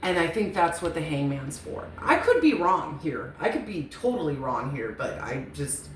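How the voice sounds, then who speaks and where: A woman gives a loose, talkative tarot reading in a low, sing-song voice at a moderate pace, being frank and dropping the odd swear. Her recording carries room echo and a light hiss.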